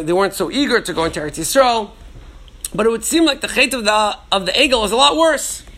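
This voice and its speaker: Guy giving a torah class, high and bright voice, keeps restarting and repeating words, drops hebrew terms everywhere. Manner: thinks aloud with frequent restarts and repeated words; mixes Hebrew and Yiddish terms into English. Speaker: Torah teacher.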